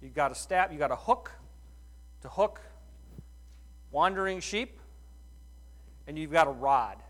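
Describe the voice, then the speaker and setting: A middle-aged man preaching a sermon in a folksy, animated way, full of rhetorical questions. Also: fairly high pitch, measured pace. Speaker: pastor.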